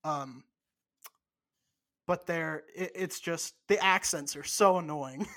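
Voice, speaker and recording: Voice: mid-range voice, slow, pauses often, fairly bright tone. Rambling, cursing podcast co-host. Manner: rambling, casual swearing. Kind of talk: casual podcast chat.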